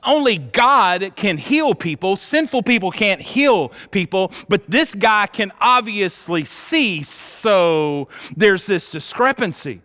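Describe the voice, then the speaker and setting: A man with a fairly high voice preaches to his congregation, retelling scripture in an animated, casual way that slips into slang. His voice rings out with the long reverb of a large church hall. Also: slow pace, hardly any pauses. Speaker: pastor. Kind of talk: sermon. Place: church auditorium.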